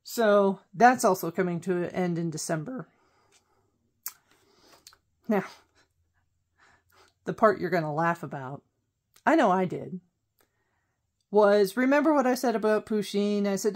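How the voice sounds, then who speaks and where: A woman's voice: medium pitch, lively intonation, unhurried, long pauses, darkish tone. A woman vlogger in casual chat, rambling and correcting herself as she goes. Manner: rambling, self-correcting, chatty.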